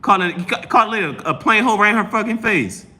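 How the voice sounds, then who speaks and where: Male live-stream host, bright and fairly high voice, with profane, emphatic and rambling delivery. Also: animated, rapid-fire. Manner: repeats and restarts phrases. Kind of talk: casual live-stream talk.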